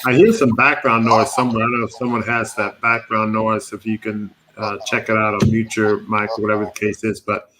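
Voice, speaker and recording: A middle-aged man, a doctor, hosting a live online panel from a studio and presenting a case from slides in a relaxed, conversational way with many fillers. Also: lowish voice, a little fast, few pauses, background noise.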